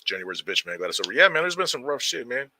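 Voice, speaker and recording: A man hosting a casual livestream, shouting out viewers by name in loose street slang. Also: medium pitch, big pitch swings, rapid-fire, a little hiss or hum. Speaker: livestream host. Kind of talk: casual livestream chat reading viewer comments.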